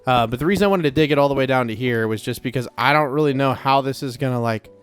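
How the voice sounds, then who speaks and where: A man's voice: medium pitch, quick pace, soft background music. A man giving casual, rambling commentary as he plays a video game, talking to himself with lots of filler words. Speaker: Let's Play creator.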